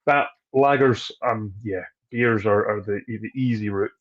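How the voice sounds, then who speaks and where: A Scottish man who is a guest from the distillery trade chats casually on a video call in a fairly low, slightly slow voice. He speaks freely, restarting sentences and laughing often, and the audio sounds muffled.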